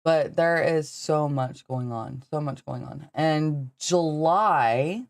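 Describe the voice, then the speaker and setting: A woman's voice: deep voice, takes it slowly, no room sound, studio quality. A woman with a Southern accent hosting a podcast livestream, rambling casually, swearing freely and laughing often. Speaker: podcast host.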